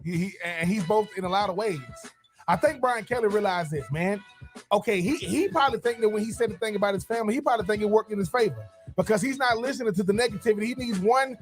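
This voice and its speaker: A man from the American South on a sports talk show, excitable, repeating words as he jumps in. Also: high-pitched, quick pace, soft background music.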